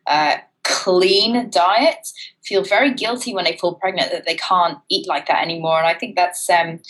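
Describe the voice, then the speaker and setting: A woman with a lowish, fairly bright voice speaks at normal speed on a rough recording. She co-hosts a casual podcast with a British accent carrying an Australian twang, chatting in a self-mocking way and often saying "you know."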